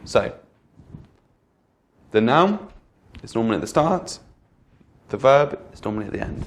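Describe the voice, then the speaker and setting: Male English tutor, middle pitch, slow and deliberate, drawing out stressed syllables. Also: very animated, a little hiss or hum. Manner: models words slowly with exaggerated stress. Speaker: English pronunciation teacher. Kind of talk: slow, clear teaching delivery.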